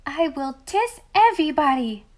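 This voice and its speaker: A woman doing a soft, lisping little girl. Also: high voice, big pitch swings, normal speed, pitched above the performer's own voice. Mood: grand. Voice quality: baby talk lisp.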